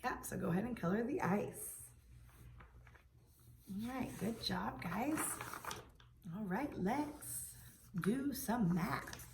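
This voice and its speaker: Woman preschool teacher, slow patient delivery, echoey room. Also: on the high side, lively intonation, creaky, darkish tone, slight background noise. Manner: slow, patient, sounds out words for children. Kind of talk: video lesson for young children.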